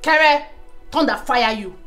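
A woman plays a sharp-tongued young woman who scolds and curses at someone. Dishes clatter and faint music runs under her voice. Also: high voice, slow pace, exaggerated voice. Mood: scolding. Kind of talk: film comedy acting.

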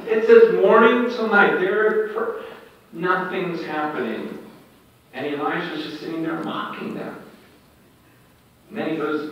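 A man preaching at a prayer breakfast, telling stories with animated delivery that swings between loud and hushed. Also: on the high side, measured pace, pauses often, slight background noise. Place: large hall. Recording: echoey hall, distant dull mic.

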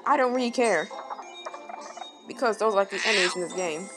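A woman giving rambling, casual game commentary, breaking into sudden excited exclamations. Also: mid-range voice, fairly quick. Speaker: gameplay commentator. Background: game music.

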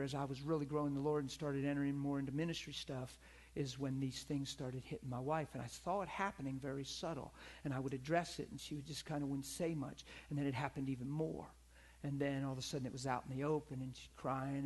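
A man's voice: mid-range voice, fairly even intonation, brisk, darkish tone. A middle-aged man preaching a sermon in a conversational, storytelling way, calling out to his congregation.

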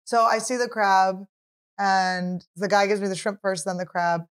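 A woman's voice: mid-range voice, fairly even intonation, a little slow. A woman comedian hosts her own podcast, rambling through everyday stories in a loose, chatty way. She jokes about herself, drops casual swear words, and keeps the talk easy and conversational. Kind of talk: casual chat.

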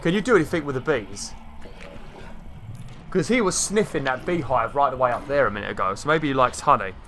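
A man giving casual let's-play commentary, excitable, swearing a lot and chatting to the game's creatures. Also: mid-range voice, fairly quick, slight background noise. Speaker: gaming channel host.

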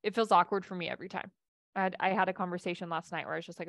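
A woman's voice: lowish voice, steady tone, racing, fairly bright tone, no echo. A woman life coach giving a casual coaching talk and answering audience questions, with a chatty delivery full of restarts.

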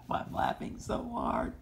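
A woman in a casual home video, talking to her dog in a coaxing, amused, playful way. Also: slight background noise. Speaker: pet rescue vlogger.

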